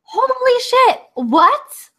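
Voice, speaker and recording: High, lively, unhurried woman co-host. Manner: incredulous, quick to react. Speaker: comedy podcast co-host. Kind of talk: casual chat.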